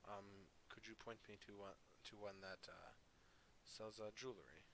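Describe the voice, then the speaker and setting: A man's voice: lowish voice, moderate pace, a bit bright, a little hiss or hum, rough recording. A man playing in a tabletop game, speaking hesitantly with many restarts. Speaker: player.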